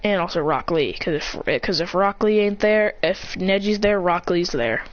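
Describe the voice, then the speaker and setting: A woman's voice: fairly low pitch, expressive, normal speed, dull audio. A woman improvising a fan-fiction story aloud, rambling and correcting herself as she goes.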